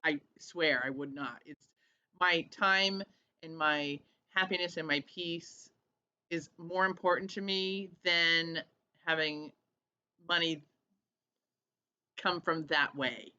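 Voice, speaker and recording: A woman's voice: low voice, steady tone, slow pace, long pauses, sharp tone, dull audio. A woman hosting a casual diary vlog, chatty, laughing often and acting out what people said. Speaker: vlog host.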